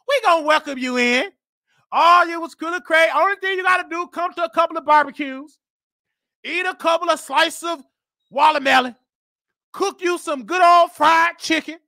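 High, gravelly woman ranting fiercely. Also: no room sound, studio quality. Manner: fiery, preachy, often shouting. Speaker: host. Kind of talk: ranting commentary.

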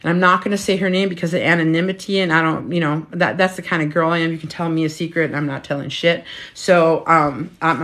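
Frank, animated woman in her fifties. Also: low-pitched. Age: 50s. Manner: frank and animated, swears freely. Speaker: menopause health coach. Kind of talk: casual live-stream chat. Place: her home. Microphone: phone.

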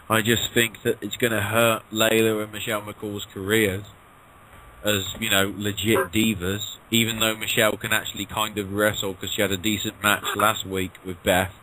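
Bright-toned man, hesitant panelist. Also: on the low side, flat delivery, moderate pace, a little hiss or hum, rough recording. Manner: hesitant, trailing off mid-thought. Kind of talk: casual chat.

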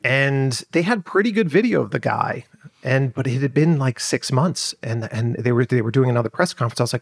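A man's voice: mid-range voice, brisk, gravelly, dry recording, clean studio sound. A male journalist telling a long story in a podcast interview, rambling with many fillers and restarts. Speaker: journalist guest. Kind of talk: conversational storytelling.

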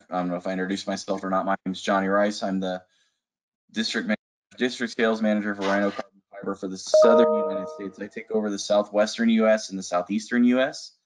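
A man working as a sales manager who talks casually and enthusiastically in a webinar, with frequent fillers. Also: on the low side. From Arizona. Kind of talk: webinar presentation. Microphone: video call.

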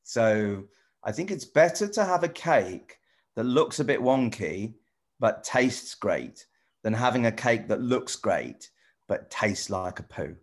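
A middle-aged man chatting casually with children over a video call, rambling and halting with lots of restarts. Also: fairly low pitch, sing-song. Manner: rambling, halting, full of restarts and "you know". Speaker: celebrity guest answering children's questions. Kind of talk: casual friendly chat with children.

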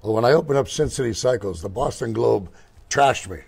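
A man's voice: mid-range voice, expressive, brisk, gravelly, a little mellow, breathy edge. An older man who owns a motorcycle shop, telling rambling, digressive stories as a guest in an interview. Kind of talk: casual storytelling interview.

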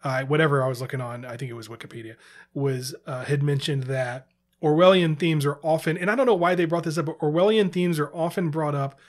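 A man's voice: fairly high pitch, a little fast. A man co-hosting a podcast in casual chat, rambling and correcting himself, laughing easily. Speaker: podcast co-host.

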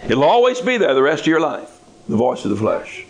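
A man's voice: a little high, wildly swooping pitch, a little fast, low-quality recording. A man preaching a sermon in a folksy, conversational way with touches of humor.

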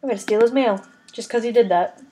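A woman's voice: a little high, fast, dark tone, slight background noise. A woman casually commenting on a game with sarcastic, joking asides. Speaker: let's play commentator.

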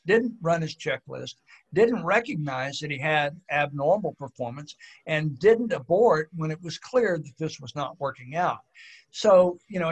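Man, slightly high pitch, pilot examiner, webinar presentation, measured explanatory delivery, frequent fillers.

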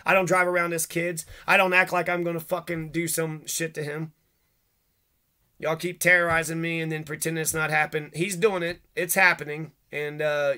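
A man in an agitated, profane rant, throwing accusations and rhetorical questions. His voice sits a little high and comes out bright and cutting. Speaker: vlogger. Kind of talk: angry rant to camera.

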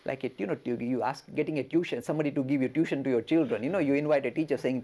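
A male religious lecturer telling a story in an expressive way and speaking directly to his listeners. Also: mid-range voice, very fast, few pauses.

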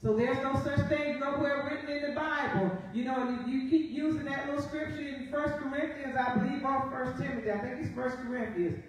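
A woman pastor preaches from the pulpit in a high voice, reading scripture and pausing often to ask "Amen?". She is picked up from a distance, and her words ring with heavy reverb through the church. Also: steady tone, a little hiss or hum. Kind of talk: sermon. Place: church sanctuary. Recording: very echoey live church feed from afar.

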